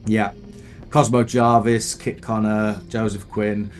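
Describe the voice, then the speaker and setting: A man co-hosting a casual film podcast, relaxed and hesitant with many fillers. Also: on the low side, takes it slowly, faint music behind. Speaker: podcast co-host.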